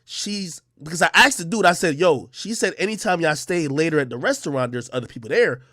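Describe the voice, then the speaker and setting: A man's voice: on the high side, fairly quick, dry recording, clean studio sound. Guy streamer telling a story to chat, swoops up and down a lot, cussing and acting out the lines. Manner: animated, profane slang, acts out the dialogue. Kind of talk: casual storytelling to a live chat.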